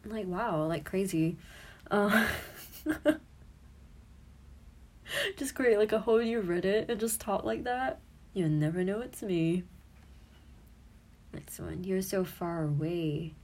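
A woman's voice: medium pitch, slow, pauses often, a little mellow. A woman in her twenties, an audio creator and streamer, chatting casually and giggling as she looks back on her old posts, swearing freely.

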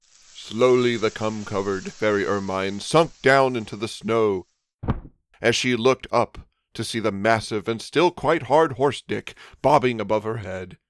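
A man's voice: on the low side, a little slow, no room sound. A man narrating a comic adult storybook in a mock-innocent fairy-tale manner.

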